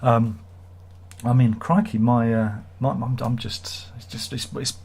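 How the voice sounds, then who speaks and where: A man's voice: mid-range voice, flat delivery, measured pace, gravelly, a little mellow, slightly rough. A man hosting a casual live stream, reading out viewer comments and joking in a rambling, self-mocking way.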